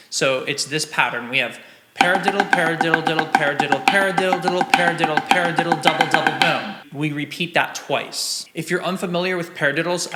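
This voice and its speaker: A man's voice: medium pitch, bright, forceful tone. A young man teaching a snare drum exercise, encouraging and counting and vocalizing the rhythms aloud. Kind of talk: drum lesson walkthrough. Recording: roomy, with drums and metronome playing.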